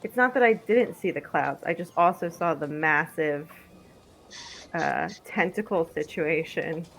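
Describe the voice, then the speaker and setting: A woman taking part as a player in a tabletop game, chatty with quick asides. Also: deep voice, fairly bright tone, slight background noise.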